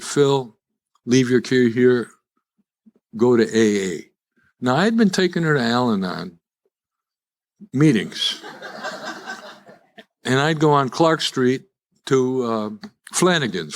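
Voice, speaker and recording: An older man from Chicago speaks to a live audience at an event as a recovery speaker, telling his own story with self-deprecating humor and frequent restarts. His voice is mid-range and animated, a little slow, with long pauses.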